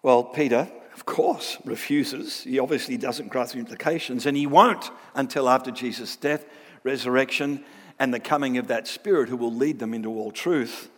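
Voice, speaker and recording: Animated man giving a Bible lecture. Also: mid-range voice, moderate pace, big-room sound. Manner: animated, with frequent tag questions.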